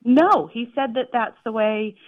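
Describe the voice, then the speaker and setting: A woman's voice: on the high side, measured pace, dry recording. Woman caller, friendly and chatty, thin phone-line sound. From Chicago suburbs. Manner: chatty, friendly, explains carefully. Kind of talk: phone-in chat. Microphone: telephone.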